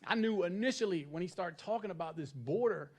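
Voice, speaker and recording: A man's voice: sits high, expressive, a little fast, darkish tone. A man doing a stand-up comedy set on stage, chatting and checking in with the crowd for agreement. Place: stage at a live comedy event.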